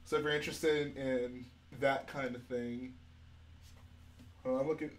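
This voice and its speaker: A relaxed young man chats casually on a live stream while he works on a build. He reads viewer questions aloud and answers them one after another, easygoing and unhurried, at a middle pitch. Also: a little hiss or hum. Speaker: livestream host.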